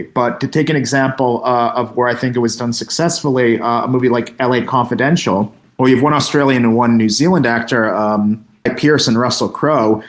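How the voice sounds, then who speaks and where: A man co-hosting a casual film-discussion podcast, talking in a thoughtful, measured way as he weighs his points. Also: mid-range voice. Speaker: podcast co-host. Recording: roomy echo.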